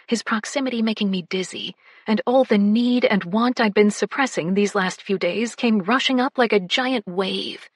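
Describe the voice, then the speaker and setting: A woman narrating a first-person romance audiobook, breathy and often slipping into whispers. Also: medium pitch, dry recording, clean studio sound.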